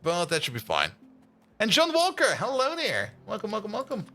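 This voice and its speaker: A man's voice: high-pitched, wildly swooping pitch, fairly quick, sharp tone, faint music behind. Laughing, chatty male game streamer. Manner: chatty, laughs often, teasing. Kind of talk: casual gaming commentary.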